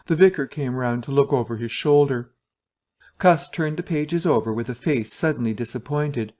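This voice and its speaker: A man narrating a story for English learners in a steady, even reading voice. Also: mid-range voice, normal speed.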